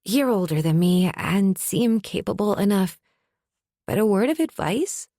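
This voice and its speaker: A woman's voice: mid-range voice, expressive, unhurried, dark tone, no room sound, clean studio sound. A woman voicing an earnest young village girl who chatters eagerly.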